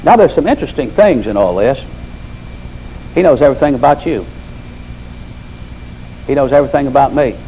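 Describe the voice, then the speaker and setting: A man's voice: mid-range voice, lively intonation, fairly quick, pauses often, mellow, slight background noise, rough recording. An older man preaching a sermon, telling folksy stories with emphatic repetition.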